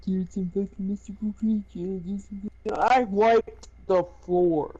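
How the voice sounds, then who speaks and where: A man's voice: high voice, steady tone, slow, mellow, husky, highs cut off. A man casually telling a boastful, profane story, rambling with lots of fillers and laughing as he goes. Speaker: gaming video creator.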